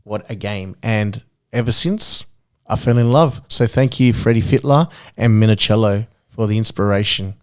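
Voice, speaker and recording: A man's voice: on the low side, normal speed, a little mellow, clean tone. Man, Australian accent, podcast co-host, rambling storyteller, casual chat. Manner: chatty storyteller with lots of fillers and laughs.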